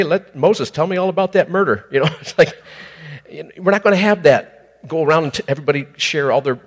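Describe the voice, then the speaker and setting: A husky-voiced man preaches to a couple in a casual, conversational way, breaking into sudden high exclamations. His voice carries a long reverb, as if he were in a large hall. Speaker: minister. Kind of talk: prophetic ministry to a couple.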